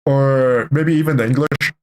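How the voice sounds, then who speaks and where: A young man talks over the videos he is reacting to, joking and rambling as he goes. He often stops to correct himself mid-sentence, and his voice sits at an everyday pitch. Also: fairly even intonation, unhurried, darkish tone. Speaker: reaction streamer. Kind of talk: casual reaction commentary.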